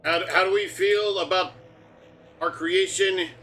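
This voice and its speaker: A man's voice: sits high, fairly even intonation, unhurried, pushed and bright, slight background noise. A man streaming a game live, rambling and joking as he talks through the on-screen prompts. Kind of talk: casual live game commentary.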